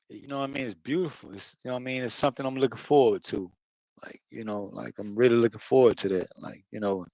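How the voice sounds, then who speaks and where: A man's voice: mid-range voice, dry recording, rough recording. A man talking in a loose, rambling monologue, swearing often and circling back with lots of filler phrases. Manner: repeats himself, circles back. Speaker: spiritual video host.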